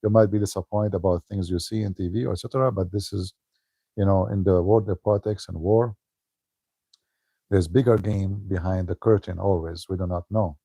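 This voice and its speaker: A man's voice: deep voice, vocal fry, dark tone, slightly rough, no echo. A man giving a casual livestream talk as an online commentator, joking and laughing often.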